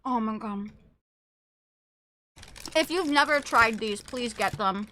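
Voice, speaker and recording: A young woman streamer chatting casually with her viewers, excitable and gushing, swearing freely. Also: a little high, a little slow, long pauses. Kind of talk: casual live-stream chat.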